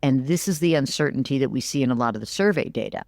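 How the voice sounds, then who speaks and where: A middle-aged woman, a business analyst, talking through the economy in an animated, emphatic way as an interview guest, often repeating words for stress. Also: rumbling low, quick pace, creaky, no room sound, studio quality. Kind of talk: conversational interview.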